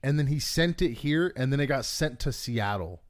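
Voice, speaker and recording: A man's voice: medium pitch, lively intonation, moderate pace, no echo, clean studio sound. A young man co-hosting a podcast, telling stories in rambling, slang-heavy, profane casual talk. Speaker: podcast co-host. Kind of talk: casual storytelling.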